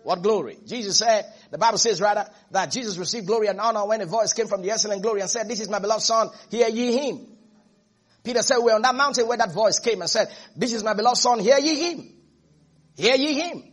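A man's voice: high-pitched, fairly quick, a bit bright. A man preaching a sermon as pastor, repeating phrases and calling on his congregation. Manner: preaching with rising fervor and repetition, calls to congregation.

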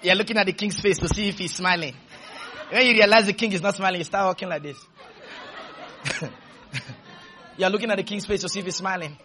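A man preaching a sermon, leading the congregation in call-and-response with shouted refrains, then dropping into quiet, humorous storytelling. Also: high voice, rapid-fire, some chatter behind, slight background noise.

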